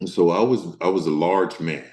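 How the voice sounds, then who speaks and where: A man from the Deep South of the US, an actor speaking candidly as an interview guest, thoughtful and halting with many fillers. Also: a little mellow, echoey room.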